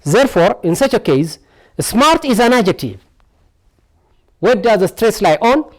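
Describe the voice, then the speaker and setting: A man's voice: high-pitched, sing-song, unhurried. Man teaching word stress. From Ethiopia. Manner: asks rhetorical "what?" questions and repeats each word many times. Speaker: English teacher. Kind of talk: televised classroom lesson.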